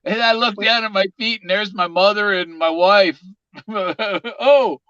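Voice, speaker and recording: A man's voice: high-pitched, normal speed, pushed and bright, smooth, no echo. A man in casual chat, joking and giggling often. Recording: dull, dry lo-fi sound.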